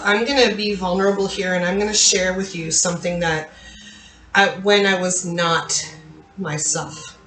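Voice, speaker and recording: A therapist who hosts a channel talks candidly to camera in a medium-pitched, fairly bright voice. She confides a personal story to her listeners with frequent fillers, and the recording has a roomy echo and faint ambience.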